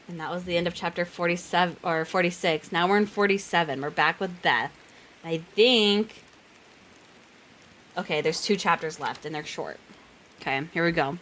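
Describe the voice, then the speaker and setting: A woman's voice: lowish voice, fairly bright tone, slight background noise. Woman reading a novel aloud on stream. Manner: reads steadily, breaks off for chatty reactions and small stumbles. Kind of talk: live read-aloud with asides.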